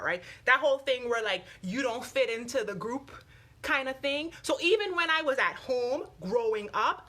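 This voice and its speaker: A woman's voice: a little high, bright, forceful tone. A young woman from the US Virgin Islands with an island accent, chatting animatedly to viewers on a Facebook Live from her home staircase. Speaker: vlogger. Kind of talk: casual Facebook Live chat.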